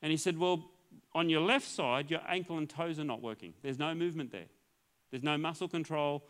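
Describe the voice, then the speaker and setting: Man telling a lively testimony. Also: a little high, brisk, smooth. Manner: storytelling, acts out dialogue, laughs often. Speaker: pastor. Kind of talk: testimony sermon.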